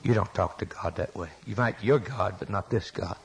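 A man preaching a sermon with passion, his voice rising to sudden loud peaks. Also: sits low, normal speed, creaky, poor audio.

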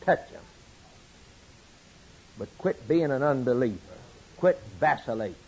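A man preaching a sermon, swinging from loud emphatic declarations to quiet asides. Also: medium pitch, lively intonation, unhurried, breathy edge, rough recording.

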